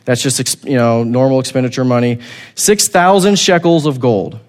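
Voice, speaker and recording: Animated preacher retelling a story. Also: male voice, medium pitch, moderate pace. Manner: animated storytelling, acting out the characters; repeats words while finding the thought. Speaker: pastor. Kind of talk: sermon.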